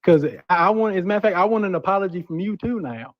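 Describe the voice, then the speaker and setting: A man's voice: sits high, expressive, fast, lo-fi sound. A man calling into a livestream, joking around in a mock-indignant way. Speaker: caller. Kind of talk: casual call-in banter.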